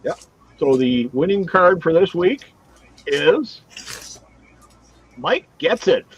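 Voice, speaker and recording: A man's voice: a little high, slow, dull audio, a little hiss or hum. A man hosting a casual livestream card break, reading out cards and teams one after another. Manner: reads out cards and teams in a steady run.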